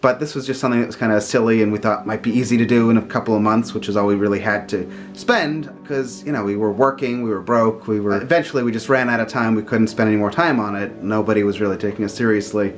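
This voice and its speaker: A man's voice: on the low side, fairly even intonation, fast talker, hardly any pauses. Chatty guy in his thirties telling stories, laughing a lot, music behind. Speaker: vlogger. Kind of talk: casual storytelling.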